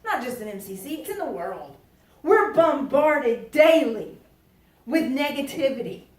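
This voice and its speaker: High-voiced woman preaching. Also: very animated, unhurried. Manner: emphatic, folksy and joking, drops to quiet asides. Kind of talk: lively sermon. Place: church sanctuary. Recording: echoey church from far off.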